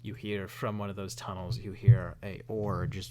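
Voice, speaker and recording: A man narrating as game master, relaxed and self-deprecating, with lots of ums. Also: sits low, moderate pace, crowd noise.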